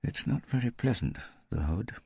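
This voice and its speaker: A man doing a quiet, bored secret-police interrogator. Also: fairly low pitch, expressive, vocal fry, slightly rough, no echo, clean studio sound, voice pushed up, heavily acted. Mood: musing. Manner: quiet, slow, disinterested.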